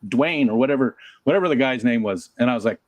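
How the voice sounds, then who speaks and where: A man's voice: medium pitch, very fast, dry recording. A man co-hosting a casual chat, joking and acting out the lines of people in his stories. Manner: expressive, jokey, acts out quotes.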